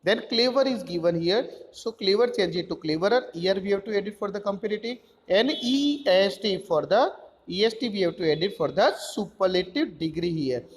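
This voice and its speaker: A man's voice: high voice, expressive, moderate pace, in a large hall. A man teaching a grammar lesson, explaining step by step and spelling out letters.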